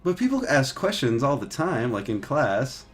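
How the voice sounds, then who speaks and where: This man's pitch is medium but swoops wildly, and he talks at a normal speed with soft music in the background. He's a 3D artist in his thirties streaming his texturing work, rambling casually with lots of fillers, swearing and laughing readily.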